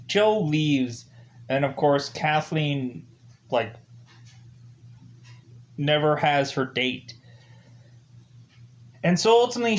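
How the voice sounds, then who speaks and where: A man giving a casual, rambling spoken film review, leaning heavily on fillers like "ultimately" and "like". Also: medium pitch. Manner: loosely acts out characters' lines in quotes.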